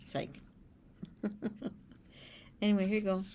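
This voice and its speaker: Speaking fairly quickly at medium pitch, with long pauses, a woman hosts a spiritual show and reads oracle card texts aloud. Her asides are blunt and streetwise, and she swears freely. Background noise is present.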